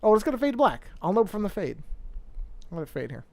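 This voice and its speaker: Gravelly man rambling while he draws. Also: high voice, very animated, fast talker. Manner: rambling, self-correcting, talks to himself as he works. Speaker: digital artist streaming a drawing session. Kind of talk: casual livestream talk while drawing.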